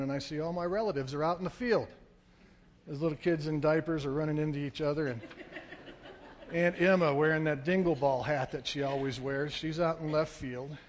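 A man telling a dramatic story to an audience, acting out shouts and crowd noise as he goes. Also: a little high, in a large hall.

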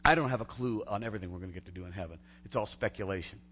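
A pastor giving a conversational sermon that swings between loud, emphatic build-ups and hushed, quiet lines. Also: male voice, fairly low pitch, racing, a little hiss or hum.

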